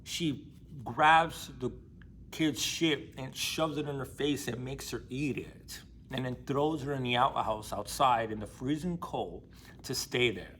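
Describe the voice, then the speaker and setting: A young male book vlogger retells and comments on a story casually, using street slang, blunt emphasis, and plenty of swearing. His medium-pitched voice is unhurried and fairly bright, with a little hiss or hum underneath.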